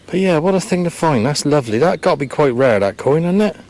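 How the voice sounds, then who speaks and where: A man's voice: a little high, expressive, fast, darkish tone. Chatty man thinking aloud outdoors. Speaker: metal detecting vlogger. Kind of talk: casual commentary to camera. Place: open farm field outdoors.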